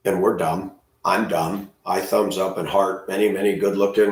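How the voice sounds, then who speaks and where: A man ranting crudely in a monologue, breaking into loud outbursts and mocking voices. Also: sits low, fairly even intonation, moderate pace, hardly any pauses, echoey room. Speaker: host.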